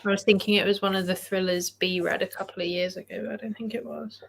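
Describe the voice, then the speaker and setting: A relaxed woman chats as a guest on a casual reading livestream. She is friendly and laughs easily, with a voice of ordinary pitch. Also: quick pace, creaky, slight background noise. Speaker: guest book reviewer.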